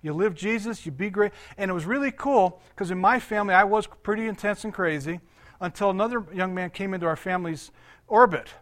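High-voiced man preaching a chatty sermon. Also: a little fast, fairly bright tone. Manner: chatty, laughing, quizzing the congregation. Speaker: pastor. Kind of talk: conversational sermon.

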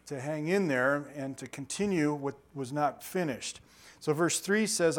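A man's voice: on the high side, normal speed. A middle-aged man, a pastor, teaching a bible study in a conversational, joking way and asking his group questions. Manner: conversational, jokey, asks the audience questions.

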